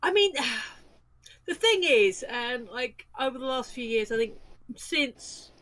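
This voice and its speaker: Female podcast co-host, casual and quick to laugh, fairly high voice. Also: lively intonation, fairly bright tone, low-quality recording. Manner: laughs often, short agreeing replies.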